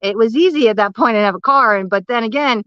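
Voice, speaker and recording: A woman talks to her livestream in a candid, emotional way, sharing her own story as a life coach. Her voice is bright and forward, heard close and dry. The audio is a little dull and lo-fi. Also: on the high side, fast, clear, resonant tone, dry recording. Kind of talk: livestream talk. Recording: slightly muffled, lo-fi livestream audio.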